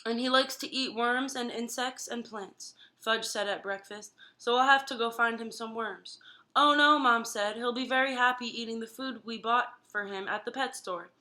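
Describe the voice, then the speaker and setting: A woman reads a children's chapter book aloud to a class, with a bright, slightly high voice. She gives the characters lively voices as she reads. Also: moderate pace, few pauses. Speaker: guest reader.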